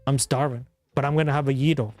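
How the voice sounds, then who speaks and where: A man's voice: mid-range voice, steady tone, fast, a little mellow, no echo, faint music behind. A man hosting a livestream, chatting casually with a rambling, profane manner and frequent laughter. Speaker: livestream host. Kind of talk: casual chat.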